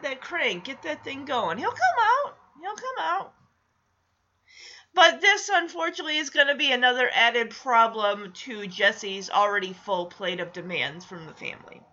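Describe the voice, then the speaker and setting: A woman's voice: high voice, animated, moderate pace, pushed and bright, dull audio. A woman chatting casually through a TV episode recap, playfully acting out the characters' lines. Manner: chatty, acts out quotes, laughs often.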